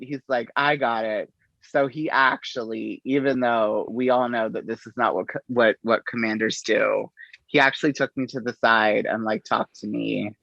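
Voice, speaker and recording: A middle-aged man, an interview guest, telling his story in an unhurried, halting way and acting out the exchanges he quotes. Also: medium pitch, creaky, fairly bright tone, no echo. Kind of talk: conversational storytelling. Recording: dull, slightly lo-fi audio.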